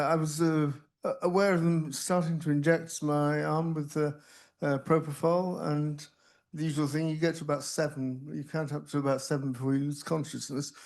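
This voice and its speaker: An older man on a panel telling stories about his treatment, halting and self-deprecating, with many restarts. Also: a little high, a little mellow. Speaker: panelist, researcher with Parkinson's. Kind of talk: casual anecdotal talk. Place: conference hall.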